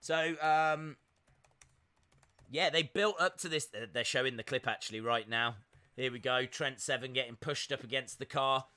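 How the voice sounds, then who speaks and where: Chatty bright-voiced man reacting live. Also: mid-range voice, normal speed, smooth. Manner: chatty, upbeat, many fillers, reads out chat. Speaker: live-stream reaction host. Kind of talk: casual live wrestling watch-along commentary.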